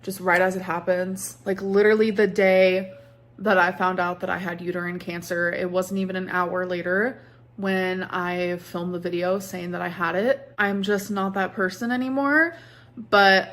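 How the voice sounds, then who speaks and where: A woman's voice: fairly low pitch, a bit bright. A woman talking casually in a vlog, ending her phrases with a rising upward inflection. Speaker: vlogger.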